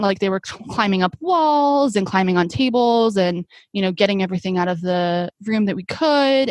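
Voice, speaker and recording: A woman's voice: mid-range voice, dry recording. A young adult woman, an occupational therapist, telling stories in an earnest, reflective way with many fillers. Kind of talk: conversational podcast interview.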